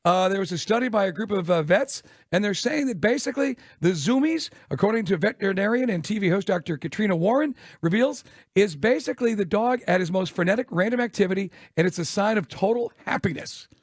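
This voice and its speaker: A man co-hosting a sports radio show, telling stories quickly and laughing often. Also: high voice, lively intonation, no room sound, studio quality. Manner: rapid storytelling, laughs often. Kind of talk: casual radio chat.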